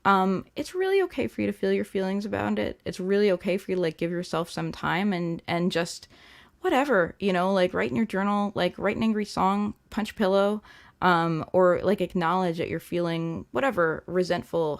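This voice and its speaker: A young woman hosting a live-stream tarot reading, talking gently and chattily with many fillers. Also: on the low side, gravelly. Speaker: tarot reader and livestream host.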